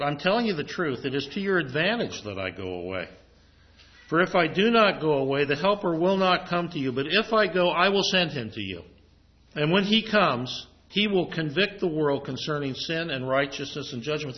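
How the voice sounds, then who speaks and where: A man preaching a sermon in a conversational way, reading scripture aloud as he goes. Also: on the high side. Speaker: pastor. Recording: muffled lo-fi recording.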